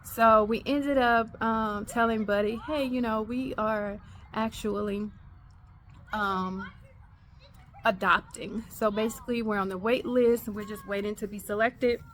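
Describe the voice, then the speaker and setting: A woman hosting a podcast, telling a personal faith story in an animated way, acting out the dialogue. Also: mid-range voice, a little slow, slight background noise. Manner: animated, acts out quoted dialogue. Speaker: podcast host.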